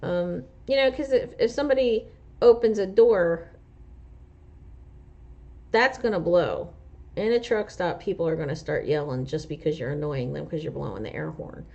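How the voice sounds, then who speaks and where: Jersey lady trucker chatting on a livestream, kinda low voice, says "you know" a lot, muffled lo-fi audio. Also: moderate pace, vocal fry, warm tone. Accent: New Jersey. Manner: rambling, lots of "you know" and "um" fillers. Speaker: truck driver and driving instructor, livestream host. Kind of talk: casual livestream chat, answering viewer comments.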